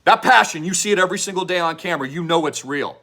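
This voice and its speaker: Fervent preachy man pitching hard. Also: fast. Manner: fervent, preachy, repetitive, shouts slogans. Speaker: online show host pitching an investment project. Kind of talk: impassioned direct-to-camera pitch.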